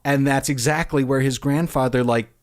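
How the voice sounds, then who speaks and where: A man's voice: medium pitch, normal speed. Man telling stories on a podcast. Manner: animated, amused, acts out quotes. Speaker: podcast host. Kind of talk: casual storytelling.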